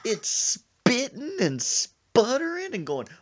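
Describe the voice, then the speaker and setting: A man's voice: huge pitch swings, slow, exaggerated voice. A man voicing a panicky teenage boy who shrieks in fright and talks in a country drawl when scared. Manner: shrill screams and yelps.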